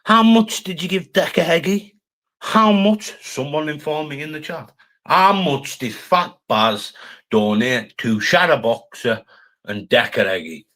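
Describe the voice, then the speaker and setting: A man's voice: fairly high pitch, lively intonation, unhurried, pushed and bright. Sweary, taunting Cumbrian man ranting. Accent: Cumbrian English. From Cumbria, England. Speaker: live streamer. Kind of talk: ranting live-stream roast.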